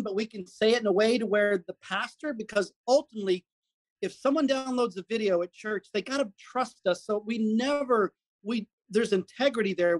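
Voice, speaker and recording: Man, middle-aged, animated storyteller, dry close sound. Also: high-pitched, no echo. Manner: animated storyteller acting out quotes. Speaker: guest, comedy performer. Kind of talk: storytelling in casual conversation.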